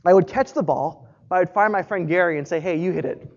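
High-voiced earnest male pastor preaching. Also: quick pace, a little mellow, muffled recording. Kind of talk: sermon.

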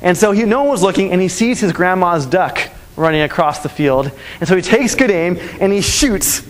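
A man's voice: sits high, in a large hall. A man preaching a sermon, earnestly telling stories and repeating his key lines. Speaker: pastor.

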